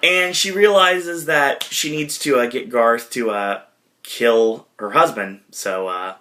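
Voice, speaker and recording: This podcast host casually retells a film scene by scene, rambling with many fillers and correcting himself as he goes. He speaks slowly in a bright, forceful, mid-range voice.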